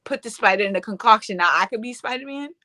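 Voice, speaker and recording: A woman with a bright, forceful voice talks in loose slang, animated and quick to laugh. The conversation is relaxed and casual. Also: fairly high pitch. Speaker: guest. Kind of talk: casual chat.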